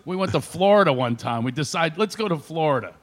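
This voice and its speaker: A middle-aged man from the Philadelphia area spins comic stories as a radio guest. His voice sits a little high, and he jumps into other people's voices and laughs as he goes. The delivery is loose and animated. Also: quick pace. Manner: animated storyteller, acts out voices, laughs often. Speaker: comedian guest. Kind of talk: storytelling on a radio show.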